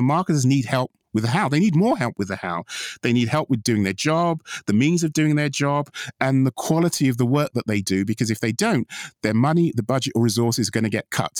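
Male podcast co-host, mid-pitched, assured and emphatic, repeats key points, dry recording. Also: no room sound. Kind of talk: pitching ideas in conversation.

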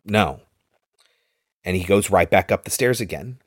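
A man's voice: sits low, lively intonation, unhurried, slightly rough, no room sound, clean studio sound. A man casually retelling a film scene by scene, with loose fillers along the way. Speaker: podcast host recapping a film.

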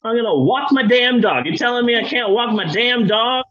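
A man's voice: high voice, very animated, normal speed, husky, dull audio, exaggerated voice. A man voicing a careless, rebellious young puppet king in a comedy story, with a casual, swearing, exasperated delivery. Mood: indignant.

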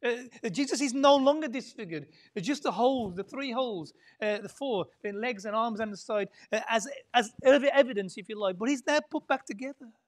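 A woman preaching an Easter Sunday sermon in a conversational way. She often drops to near-whispers and then pushes into loud, emphatic lines, and she repeats words and fills pauses as she thinks aloud. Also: fairly high pitch. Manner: repeats words and adds many fillers while thinking aloud.

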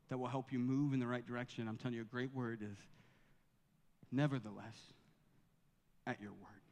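A pastor's sermon in the church sanctuary swells in fervor as he reads scripture aloud. His voice is mid-range and a little mellow, resonating in a large hall.

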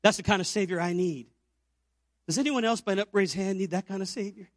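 High-voiced preaching pastor, dry sound. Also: male voice, fairly quick, dry recording. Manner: preaching with rising emphatic peaks and quiet low stretches. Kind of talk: Easter sermon.

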